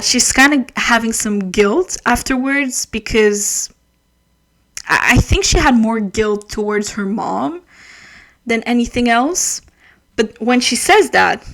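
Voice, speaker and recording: Ranting woman with a higher voice. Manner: ranting, swearing, animated asides. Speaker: book reviewer. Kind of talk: casual book review vlog.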